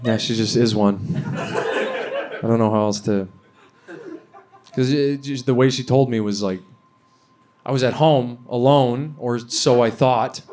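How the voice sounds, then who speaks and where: A man's voice: medium pitch, measured pace, long pauses, darkish tone, slight background noise. A young man from Canada doing a stand-up comedy set on stage, ranting profanely with lots of fillers. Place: comedy venue stage before a live audience.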